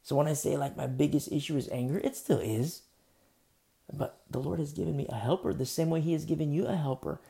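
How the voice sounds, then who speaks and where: A man preaching in a loose, conversational way, often circling back and restarting his sentences. His voice is gravelly with a dark, mellow tone. He sounds like a pastor talking to his congregation. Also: a little high, a little fast. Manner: casual, rambling, many fillers and restarts. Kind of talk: conversational sermon.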